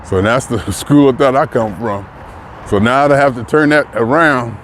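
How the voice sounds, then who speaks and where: A man in his early sixties talks bluntly in a relaxed vlog monologue, often breaking into a chuckle. His voice sits at an ordinary pitch. He is out walking, with faint traffic heard behind him. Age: 60s. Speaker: vlogger. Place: outdoors, walking.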